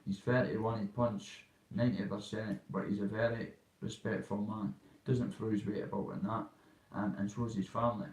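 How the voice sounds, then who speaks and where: A man's voice: fairly low pitch, flat delivery, normal speed, darkish tone. Rambling Dundee Scottish man, roomy sound. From Scotland. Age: 30s. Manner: rambling, blunt, heavy local slang. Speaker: vlogger. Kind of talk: casual monologue. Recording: roomy and off-mic.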